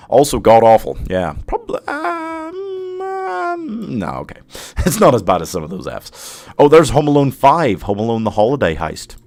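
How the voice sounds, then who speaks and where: Deep-voiced chatty male streamer. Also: darkish tone. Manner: chatty, opinionated, reads chat aloud and laughs often. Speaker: streamer host ranking films. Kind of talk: live-stream casual chat.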